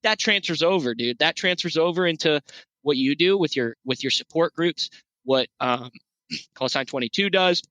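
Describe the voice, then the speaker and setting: A man's voice: a little high, moderate pace, no room sound. A man talking as a podcast guest in loose, profane conversation, often restarting his sentences. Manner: animated, profane, rambling with restarts. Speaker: podcast guest, veterans' nonprofit founder.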